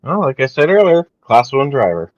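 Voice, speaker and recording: A man's voice: mid-range voice, big pitch swings, normal speed. A Canadian man with a Canadian accent chatting casually and joking, laughing often, as a guest on a livestream. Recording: muffled call audio with clear background noise.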